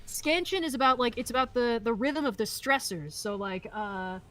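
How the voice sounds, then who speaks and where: A fairly high-voiced woman chatting casually while she plays a game. She gives her opinions freely, laughs often, and swears in an offhand way. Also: normal speed, fairly bright tone. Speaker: co-host.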